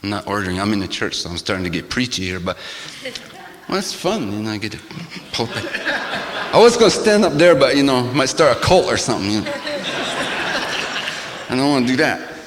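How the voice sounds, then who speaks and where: A man's voice: medium pitch, very animated, fairly quick, pauses often, noisy background. Older man preaching in a reverberant hall. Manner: rhythmic, repetitive chanting cadence, swinging from loud to hushed; wry, laughing asides. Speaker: shaman speaker. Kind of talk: sermon-like talk to a gathering. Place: church hall.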